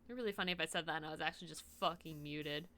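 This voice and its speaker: A woman streaming from home, chatting casually while she plays a game, excitable, laughing often and swearing freely. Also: low-pitched, rapid-fire. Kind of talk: casual live-stream chat while gaming.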